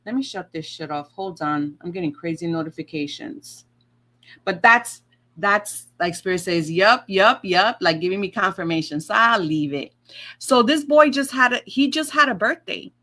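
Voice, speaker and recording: A woman's voice: lowish voice, expressive, moderate pace, pushed and bright. A woman talking to her viewers as a tarot and astrology vlogger, in a chatty rambling monologue where she swears freely and acts out her own past remarks.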